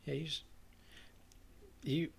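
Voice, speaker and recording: A man co-hosting a casual podcast, laid-back and teasing. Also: takes it slowly. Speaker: podcast co-host.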